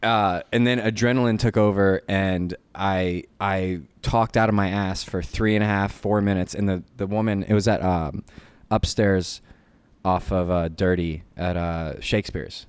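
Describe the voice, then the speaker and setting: A man co-hosting a podcast, talking in casual chat with halting restarts. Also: sits low, steady tone, clean tone, no echo. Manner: halting, with many restarts and fillers. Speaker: podcast co-host, poker player.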